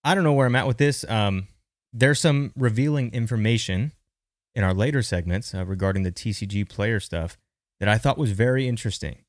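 A man's voice: on the low side, a little fast, dry recording, studio quality. A man hosting a podcast, chatting casually and thinking aloud as he gives market commentary, often restarting his sentences. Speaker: podcast host.

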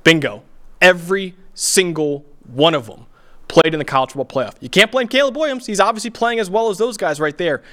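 A man's voice: high-pitched, expressive, brisk, a bit bright. A man co-hosting a sports podcast, arguing his points emphatically and repeating them for effect. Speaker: podcast co-host, analyst. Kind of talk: animated sports debate.

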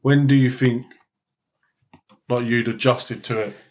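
A man's voice: medium pitch, level tone, unhurried, a little mellow. A man hosting a casual chat, reacting briefly and asking loose follow-up questions. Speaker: podcast host.

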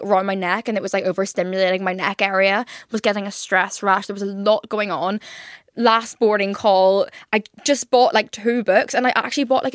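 A woman's voice: medium pitch, no echo, clean studio sound. A woman, rambling through casual solo podcast chat and swearing freely. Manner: chatty, rambling and swears a lot. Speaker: podcast host.

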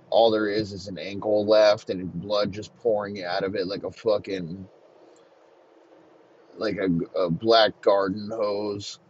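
Slow, low-voiced man telling a profane story. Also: a little hiss or hum. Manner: profane, deadpan narration. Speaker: comedy podcast host. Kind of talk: improvised comic storytelling. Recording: muffled lo-fi recording.

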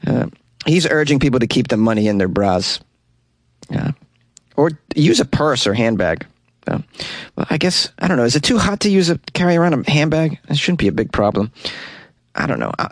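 A man's voice: medium pitch, dry recording. An American man hosting comedic news commentary in a joking, irreverent way, with chuckling asides. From United States. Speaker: comedy podcast host.

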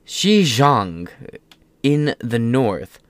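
Very animated yet very slow, this medium-pitched voice belongs to a political commentary host reading news on his solo show in a casual, rambling, sarcastic manner, tripping over words and dropping offhand swears. The studio sound is clean, with no echo.

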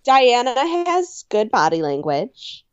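A woman's voice: on the high side, very animated, slow, smooth, no echo, highs cut off. A woman co-hosting a casual podcast chat, making blunt and wry remarks. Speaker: podcast co-host. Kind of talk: casual chat recapping a reality show.

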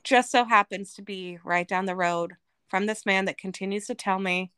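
A woman's voice: medium pitch, moderate pace, fairly bright tone, clear, resonant tone, dry recording. A woman from Arizona, a podcast guest, telling her personal testimony in an earnest, emotional way.

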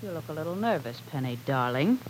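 A gloating villainess in a vintage radio serial, savoring every cruel word. Her pitch rises and falls widely as she taunts, and a faint hiss of an old broadcast sits under the voice. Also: expressive, fast talker, rough recording. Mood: mocking. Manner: sneering, mocking, relishes cruelty. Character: cruel, gloating woman villain holding a captive. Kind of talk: 1940s radio drama acting.

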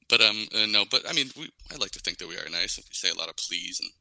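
Young guy rambling in a chat, deep but really bright punchy voice, dry sound. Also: animated, fairly quick, vocal fry, dry recording, rough recording. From Canada, Ontario. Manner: rambling, many "like" and "um" fillers. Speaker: guest. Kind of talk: casual interview chat.

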